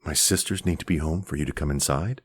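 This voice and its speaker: A man voicing a guarded young woman who speaks softly and hesitantly. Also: very deep voice, fast talker, slightly rough, dry recording, clean studio sound. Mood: tender.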